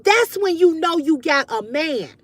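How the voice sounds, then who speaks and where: High-voiced woman giving frank livestream advice. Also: lively intonation, a little slow. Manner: emphatic, frank, swears freely. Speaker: livestream host. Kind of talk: casual advice chat to viewers.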